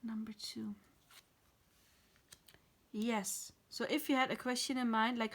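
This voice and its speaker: Woman tarot reader, near tears, halting and soft with dips into whispers; slow, flat delivery. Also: fairly high pitch. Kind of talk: pick-a-card tarot reading.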